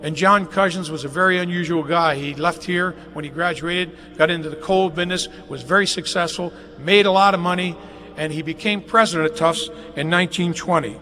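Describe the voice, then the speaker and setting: A man's voice: a little high, a little fast, pushed and bright. An older man giving a folksy, jokey anecdotal speech at a dedication ceremony inside a large athletic facility, recorded on a live webcast. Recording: live webcast, long hall reverb, faint noise.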